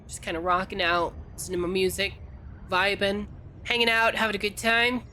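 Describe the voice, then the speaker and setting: Bright, playful woman streamer. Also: medium pitch, level tone, fairly quick, slight background noise. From California. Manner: playful, teasing, answers chat. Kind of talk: casual game-stream chat.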